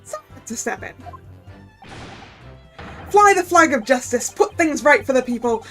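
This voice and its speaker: A woman plays a cocky Cockney newsman in a game, brimming with swagger and self-righteous zeal. The voice sits high and bright, and a faint music bed runs beneath. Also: animated, moderate pace. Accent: Cockney, put on.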